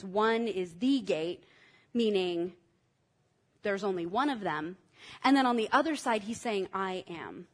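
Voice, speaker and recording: A woman preaching a sermon in an enthusiastic, teacherly way, drawing the congregation in to repeat words after her. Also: fairly high pitch. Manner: enthusiastic, teacherly, engages the audience.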